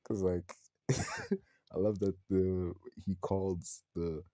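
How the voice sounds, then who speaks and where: Guy with a deep mellow voice rambling thru a movie review, cussing a lot, dry sound. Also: extremely slow, no room sound. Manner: rambling, slangy, swears freely. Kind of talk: casual spoken film review.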